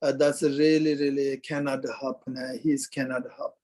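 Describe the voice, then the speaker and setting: A Tibetan man in his fifties, a Buddhist lama, tells his story in hesitant broken English with many pauses and fillers. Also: mid-range voice, flat delivery, a little mellow. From Kham, Tibet. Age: 50s. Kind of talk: halting interview storytelling.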